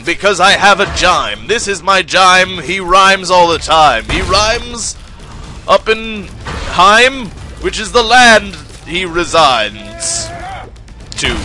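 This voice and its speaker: Young male gaming commentator, sweary, high-pitched, quiet music bed. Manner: swears often, excitable.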